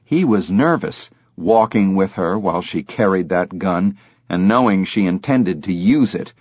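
A man narrating an audiobook in a measured, expressive way. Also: low-pitched, slightly rough, no room sound, studio quality. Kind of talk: scripted narration.

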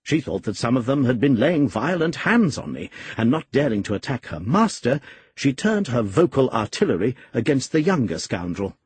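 A man reading a classic novel aloud, expressive and measured. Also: mid-range voice, slight background noise. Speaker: audiobook reader. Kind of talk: scripted novel narration.

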